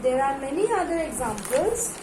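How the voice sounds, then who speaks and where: A woman teaching an English grammar lesson to a class. She reads word lists aloud in louder, drawn-out calls and spells words out letter by letter. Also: high voice, sing-song, roomy sound. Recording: noisy room recording.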